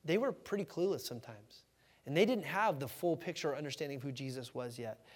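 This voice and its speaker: Casual high-pitched pastor guy, super animated, echoey church hall. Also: fairly quick. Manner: animated, conversational, acts out quoted voices with shouts. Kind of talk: sermon. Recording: hall reverb.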